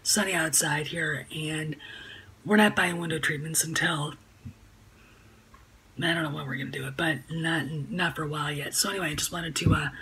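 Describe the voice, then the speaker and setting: Indignant rambling woman vlogger, low voice. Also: fairly even intonation, normal speed, sharp tone, husky, low-quality recording. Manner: rambling, indignant, full of fillers and restarts. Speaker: YouTube vlogger. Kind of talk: casual talking-head vlog. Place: home room by a sunny window.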